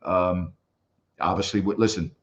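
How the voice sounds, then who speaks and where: A man's voice: low-pitched, measured pace. An older man, a former basketball broadcaster, telling stories in a casual interview and acting out the people he quotes. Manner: animated storyteller who acts out quoted voices.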